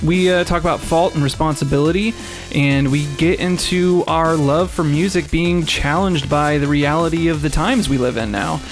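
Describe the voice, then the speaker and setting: A young man hosts his podcast in a loose, rambling way, with lots of fillers and laughter. His voice sits a little high, and faint music plays behind him. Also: fairly even intonation, moderate pace. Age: young adult. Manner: chatty, laughs often, frequent fillers. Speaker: podcast host. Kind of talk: casual podcast chat.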